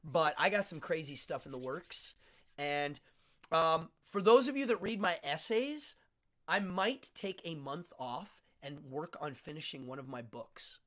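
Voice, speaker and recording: A man's voice: on the high side, a little slow, a bit bright. A man hosting a live internet show, chatting casually and rambling with frequent laughs. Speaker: host. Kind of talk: casual live-stream chat.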